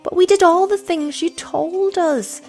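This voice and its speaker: A woman doing high, pleading little children. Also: unhurried, warm tone, faint music behind. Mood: desperate. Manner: breathless, pleading, high-pitched. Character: a pair of eager pleading young children.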